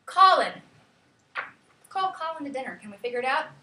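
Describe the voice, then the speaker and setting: A woman teaching a class, leading students with lively, sing-song calls. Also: high voice, moderate pace, background noise. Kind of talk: classroom lesson. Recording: echoey classroom from far off.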